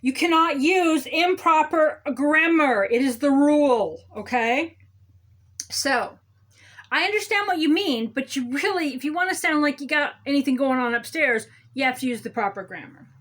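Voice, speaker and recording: A woman's voice: high voice, expressive, normal speed, fairly bright tone. A woman playing a smug, condescending male city councilman who lectures on grammar in a satirical comedy monologue. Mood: smug lecturing. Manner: condescending, lecturing, repeats "okay?".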